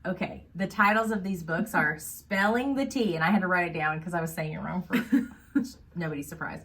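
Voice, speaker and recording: A woman co-hosting a casual book podcast, chatty and animated, laughing often. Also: on the low side, normal speed. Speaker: podcast co-host.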